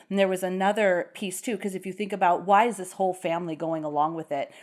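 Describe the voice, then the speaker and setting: A young adult woman, a podcast host, chatting casually about a horror film, swearing freely and breaking into laughter as she talks. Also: lowish voice. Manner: animated, swears freely, laughs while talking. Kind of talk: casual movie chat.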